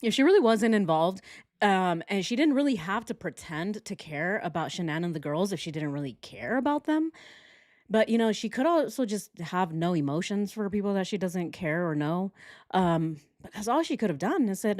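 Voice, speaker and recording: A woman's voice: medium pitch, animated, normal speed, darkish tone, dry recording, studio quality. A woman hosting a true crime reaction, talking casually and sarcastically, mocking what she hears. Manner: sarcastic, mocking mimicry with laughs.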